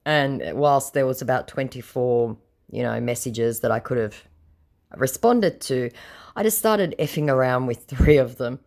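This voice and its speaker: A woman's voice: extremely low pitch, a little slow, creaky, darkish tone. An Australian woman telling a casual vlog story, blunt and sarcastic with some swearing. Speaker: scam-baiting vlogger.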